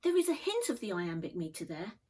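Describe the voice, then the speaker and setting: A woman teacher giving a measured, thoughtful poetry lesson. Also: medium pitch, sing-song, darkish tone, husky, rough recording. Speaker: English literature teacher.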